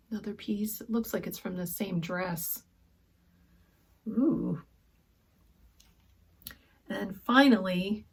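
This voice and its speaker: A woman vlogger chatting through a sewing haul, gushing softly and often dropping to a whisper over fabrics and books. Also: medium pitch, takes it slowly, creaky, long pauses, breathy edge. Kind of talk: casual haul chat.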